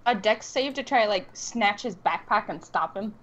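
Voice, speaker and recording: A woman's voice: medium pitch, lively intonation, moderate pace, fairly bright tone, highs cut off. A woman playing a tabletop game, chatty and laughing often. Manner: giggly, chatty. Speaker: player. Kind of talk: casual tabletop play.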